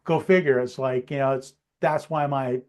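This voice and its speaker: A man who works in the glass trade, talking in a relaxed, reflective way on a casual livestream and often trailing off quietly. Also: medium pitch, normal speed.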